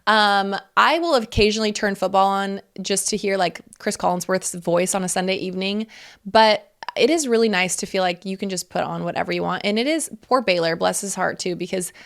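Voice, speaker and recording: A woman's voice: mid-range voice, fairly quick, gravelly. A woman in her thirties hosting a casual solo podcast, talking candidly and chattily, laughing often and swearing freely. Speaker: podcast host.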